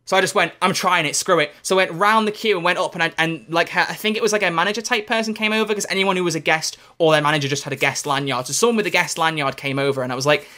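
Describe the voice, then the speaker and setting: A man co-hosting a podcast, telling stories in an excitable, rambling way with plenty of fillers. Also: on the high side, racing, hardly any pauses. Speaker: podcast co-host. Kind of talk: casual chat.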